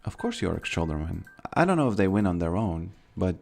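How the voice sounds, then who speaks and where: Low, gravelly male game streamer. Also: very animated, a little fast, darkish tone, faint music behind. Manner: rambling, stammers and repeats words. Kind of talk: casual gameplay commentary.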